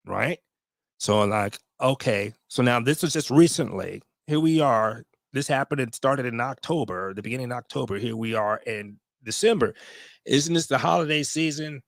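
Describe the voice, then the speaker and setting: A man's voice: medium pitch, vocal fry, dry recording. Middle-aged vet guy venting on camera, cussing a lot, dry close sound. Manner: blunt and profane, with emotional asides. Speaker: veteran vlogger. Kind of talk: casual storytelling to viewers.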